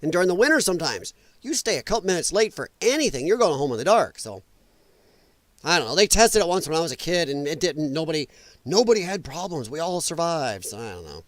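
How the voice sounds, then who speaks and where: A man's voice: on the high side, very animated, quick pace, no room sound. A man from the United States hosting a livestream, reacting to clips with blunt, profane, sarcastic commentary. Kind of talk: casual ranting commentary.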